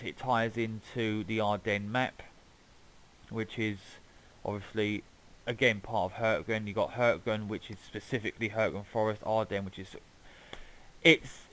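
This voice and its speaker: A man with a somewhat low voice talks through a flight game in a loose, rambling way. He chats casually to his viewers and drops the odd swear word. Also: fairly even intonation, moderate pace, a bit bright, rough recording. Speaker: gaming YouTuber. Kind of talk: casual gameplay commentary.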